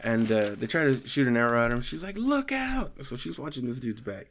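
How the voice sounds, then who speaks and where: A man's voice: mid-range voice, fast, lo-fi sound, slight background noise. A man casually recapping a story, rambling with lots of fillers and loosely quoting characters. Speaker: comic book reviewer.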